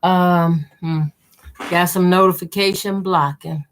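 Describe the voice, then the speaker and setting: Slow-talking Southern woman sewing live. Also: fairly low pitch, steady tone, slight background noise. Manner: chatty, folksy, greets viewers by name. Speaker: sewing channel host. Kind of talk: casual live-stream chat while sewing.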